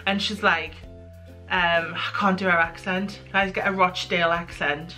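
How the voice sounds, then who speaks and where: A woman's voice: lowish voice, fairly even intonation, moderate pace, sharp tone, faint music behind. A young British woman telling a candid, self-mocking story in a casual chat. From United Kingdom. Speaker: guest.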